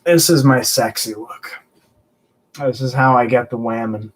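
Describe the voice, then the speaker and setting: Guy rambling on his live stream, jokey, answering chat, middle pitched voice. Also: fairly even intonation, unhurried. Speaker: host of a collectibles live stream.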